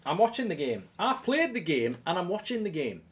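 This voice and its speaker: A man hosting a live football watchalong, reacting to the match and reading viewer comments in an excitable, animated way, often stumbling and restarting his sentences. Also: high-pitched, fairly quick, a little hiss or hum. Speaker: host of a football watchalong stream.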